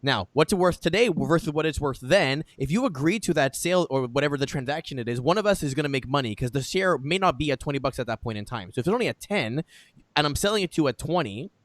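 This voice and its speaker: A man's voice: on the high side, expressive, fast talker, dry recording. A man co-hosting a casual podcast, explaining things patiently and checking in with his listeners. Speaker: podcast co-host.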